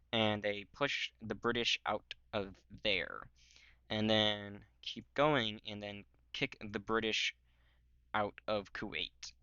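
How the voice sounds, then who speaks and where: A man's voice: on the low side, slow pace, bright, forceful tone, clear, resonant tone, no echo. A young man talking casually over a map, rambling with many fillers and joking voices. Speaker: history video creator. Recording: dull lo-fi mic.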